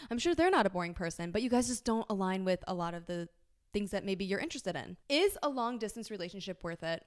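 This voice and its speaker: Woman, podcast host, casual advice chat, candid and blunt, curses often, emphatic and reassuring, mid-pitched voice. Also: clear, resonant tone. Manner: candid, frank, swears freely.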